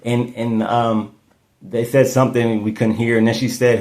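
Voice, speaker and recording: A man's voice: medium pitch, flat delivery, moderate pace, a little mellow. Man musing aloud on a case podcast. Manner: repeats and restarts words often, thinking aloud. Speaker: podcast host. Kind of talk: casual true-crime commentary.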